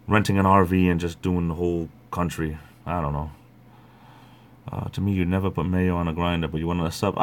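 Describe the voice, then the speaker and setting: Middle-aged man, deep voice, rambling livestream host chatter. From Rhode Island. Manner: rambling, chatty, greets viewers by name. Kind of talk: casual chat.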